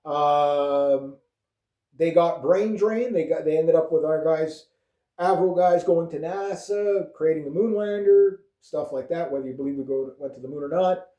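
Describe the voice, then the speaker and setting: Canadian male vlogger, mellow voice sitting a touch high, rambles and swears, roomy echo. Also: unhurried, highs cut off. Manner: rambling, profane, with frequent fillers and chuckles. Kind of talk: casual political rant. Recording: echoey room.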